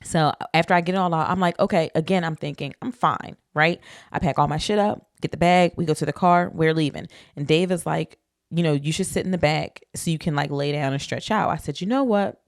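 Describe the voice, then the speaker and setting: A young woman podcast host, telling a story in an animated, profane, casual way. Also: deep voice, a little fast, no room sound, studio quality.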